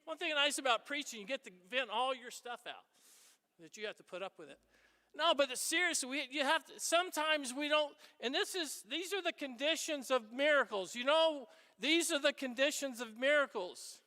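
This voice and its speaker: A Catholic priest giving an animated, conversational homily. His voice is very high and bright, and he talks easily with the congregation. The sound carries a long church reverb. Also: moderate pace. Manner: animated, conversational preaching with asides.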